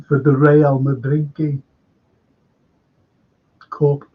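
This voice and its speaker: Man, football show host, gravelly and husky, indignant rambling chat. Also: medium pitch, steady tone, measured pace, pauses often, dull audio. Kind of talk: live-streamed fan chat.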